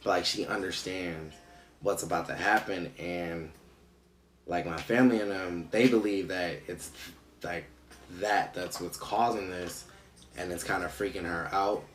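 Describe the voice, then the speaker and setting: Man, young adult, lowish pitch, halting and rambling, echoey room, faint music. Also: fairly even intonation, a bit bright, slight background noise. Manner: rambling, heavy use of "like", halting restarts. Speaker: father vlogger. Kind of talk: emotional personal vlog.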